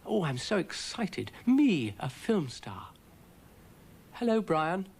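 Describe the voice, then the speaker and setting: A man voicing an excited young girl with an eager, breathless manner. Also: high voice, slow pace, creaky, slightly rough, pitched above the performer's own voice, exaggerated voice.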